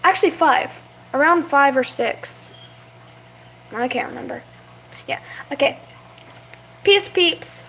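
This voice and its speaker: High-voiced young woman vlogging. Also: unhurried, pauses often, a bit bright, slight background noise. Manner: rambling, chatty, coos at her pets. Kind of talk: casual vlog chat.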